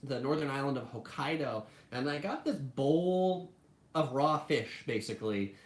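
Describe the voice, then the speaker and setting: Her voice is very deep and animated, the delivery unhurried, with plenty of reverb in the recording. This travel channel host chats through a laid-back food live stream, constantly dropping "like" into her sentences.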